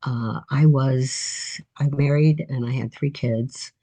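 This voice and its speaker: A woman's voice: very deep voice, steady tone, slow pace, mellow, breathy edge. A woman in her eighties, an author guest telling life stories in a reflective, encouraging way. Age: 80s. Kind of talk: casual interview storytelling.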